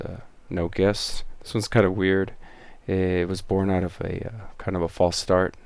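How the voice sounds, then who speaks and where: Deep gravelly man, rambling commentary. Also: no echo. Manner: rambling, many fillers and restarts. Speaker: show creator and host. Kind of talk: casual behind-the-scenes commentary.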